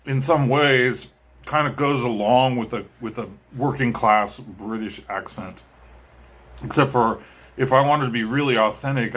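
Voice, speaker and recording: A man chats casually to his viewers, drifting from thought to thought. He hesitates often, filling gaps with ums and restarting his sentences. His pitch sits at an ordinary middle for a man. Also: fairly bright tone. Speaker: vlogger and musician. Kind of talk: casual talk to camera.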